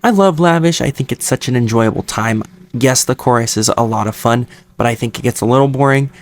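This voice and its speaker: An enthusiastic man talks through his favorite parts of an album in a casual, chatty way. He speaks like an excited fan and adds playful jokes here and there. His voice sits at an ordinary middle pitch for a man. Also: fairly quick. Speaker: music reviewer YouTuber. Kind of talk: casual album review monologue.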